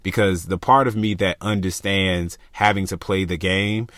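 Young male podcast co-host, low-pitched, passionate, thinks out loud, close dry mic. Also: moderate pace, dry recording. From Florida, US. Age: young adult. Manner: passionate, animated, talks through ideas with many fillers. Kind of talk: casual chat.

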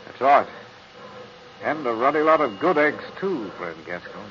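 An actor playing a cheery young Australian cavalry lieutenant with an Australian accent in a 1940s radio drama, hearty and slangy. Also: male voice, mid-range voice, lively intonation, a little slow, slight background noise, lightly acted. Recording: dull lo-fi old radio recording.

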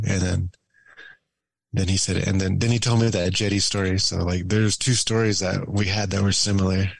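A young man telling stories in a relaxed, rambling way as a podcast guest, full of fillers and laughs. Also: low-pitched, moderate pace, vocal fry, dry recording, rough recording. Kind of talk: casual storytelling chat.

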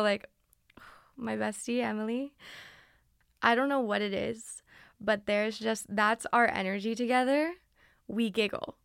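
A young woman hosts a solo podcast in a recording studio, bubbly and casual as she answers listener questions into a studio microphone. Her voice is fairly high, creaky, a bit bright, and smooth, with no room sound.

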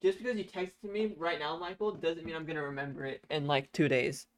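A man's voice: fairly high pitch, fairly even intonation, a little fast, a little hiss or hum. A young man co-hosting a podcast, chatting casually, teasing his friend and laughing easily. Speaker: podcast co-host. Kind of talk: casual chat.

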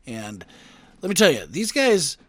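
Lively, bright-voiced profane man. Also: on the high side, measured pace, no room sound. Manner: crude, profane, animated storytelling. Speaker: podcast co-host. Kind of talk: casual podcast banter.

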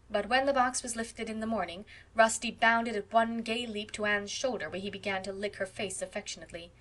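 A woman narrating a classic novel as an audiobook, reading with expressive storytelling. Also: mid-range voice, a little fast, hardly any pauses. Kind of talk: scripted narration.

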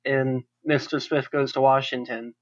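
A man's voice: medium pitch, little pitch movement, measured pace. A man on a casual movie podcast, reading facts aloud with a few hesitations, heard over dull lo-fi call audio. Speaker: podcast co-host.

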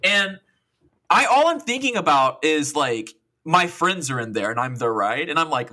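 On the high side and at a normal pace, this man's voice belongs to a podcast co-host in his twenties. He rambles through a long story, profane and animated, voicing plenty of quoted dialogue in a casual way.

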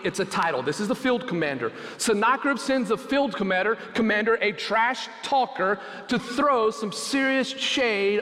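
A man's voice: high-pitched, a bit bright. A male pastor preaching a sermon, building to emphatic peaks and acting out quoted taunts. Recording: long hall reverb.

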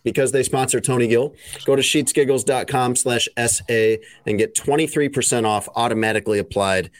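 A man's voice: mid-range voice, steady tone, fairly quick, no echo. A man hosting a podcast, chatting casually and reading a sponsor spot in a laid-back way. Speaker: podcast host. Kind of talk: casual chat with ad read.

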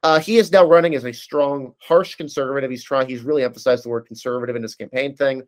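A man's voice: medium pitch, fairly even intonation, quick pace. A man in casual political discussion, giving detailed analysis with frequent fillers and restarts.

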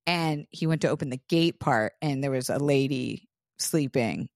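A woman's voice: rumbling low, normal speed, no room sound, clean studio sound. A woman co-hosting a podcast, telling a story in casual chat and laughing as she talks. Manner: animated storyteller, laughs mid-sentence. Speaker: podcast co-host.

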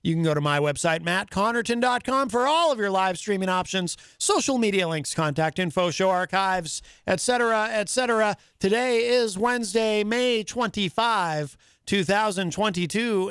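A man's voice: high-pitched, normal speed, a bit bright, clear, resonant tone, no echo. A man hosting a casual talk radio show, chatty and wry, often stumbling into fillers.

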